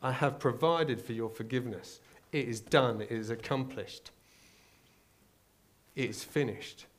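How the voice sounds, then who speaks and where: A male preacher delivering a sermon, moving from quiet storytelling to loud, urgent exhortation. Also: medium pitch.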